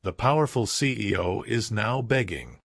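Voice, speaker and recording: A man narrating a scripted story in a slow, deliberate storytelling manner. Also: on the low side, animated, gravelly, a bit bright, no echo, studio quality.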